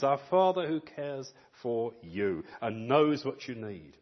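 A man delivering a sermon with a lively, swooping delivery and a slightly husky voice. His voice sits a little high for a man. The recording is dull and lo-fi. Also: takes it slowly, few pauses. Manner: animated storytelling, acts out quoted voices. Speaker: preacher.

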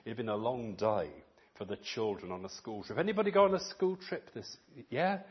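Animated preacher, husky and lively. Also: male voice, on the low side, a little fast, dull audio. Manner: animated storytelling, acts out quoted voices. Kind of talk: sermon.

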